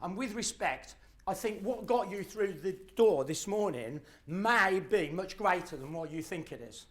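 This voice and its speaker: A middle-aged man, giving a live motivational talk and telling stories with acted-out voices and shouts. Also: sits high, expressive, measured pace. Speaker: motivational speaker.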